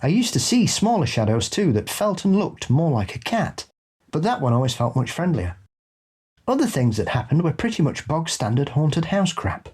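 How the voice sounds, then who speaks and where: Husky-voiced male co-host reading ghost stories aloud, dry and unhurried. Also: on the high side, big pitch swings, darkish tone. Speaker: podcast co-host. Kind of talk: casual chat and reading listener stories.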